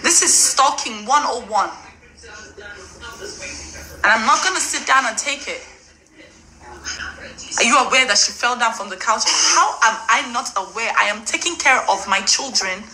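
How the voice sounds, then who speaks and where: A woman's voice: fairly high pitch, lively intonation, measured pace, pauses often, bright, forceful tone, low-quality recording. A young woman from Africa venting to her camera, indignant and emotional, repeating herself as her voice breaks. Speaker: vlogger. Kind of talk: emotional direct-to-camera rant.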